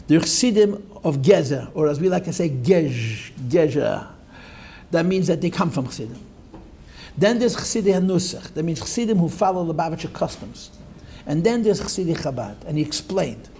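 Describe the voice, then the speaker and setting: A man's voice: on the high side, animated, brisk, mellow, slight background noise. An older man teaching a class, telling stories with digressive, wry asides.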